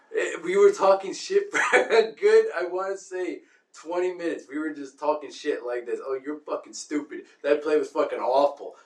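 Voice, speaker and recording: A young man co-hosting a podcast in casual chat, excitable and swearing, often repeating himself as he bickers. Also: on the high side. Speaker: podcast co-host. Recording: roomy, distant from the mic.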